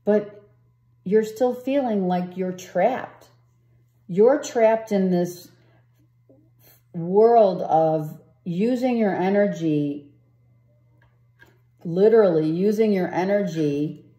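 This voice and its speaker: Slow, dark-voiced woman reading tarot. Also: medium pitch, echoey room. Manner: rambling, repeats herself, asks "right?". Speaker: tarot reader.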